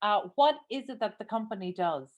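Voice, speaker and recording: A woman's voice: medium pitch, animated, muffled recording. An Irish woman hosting a radio interview, chatty and welcoming. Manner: chatty, welcoming, quick to laugh along. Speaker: radio show host. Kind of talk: podcast interview.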